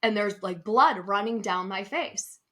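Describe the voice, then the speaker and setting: A middle-aged woman co-hosting a travel podcast, chatting casually and telling a lively personal story. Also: unhurried. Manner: lively storyteller, acts out quotes with big pitch jumps. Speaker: podcast co-host and travel advisor.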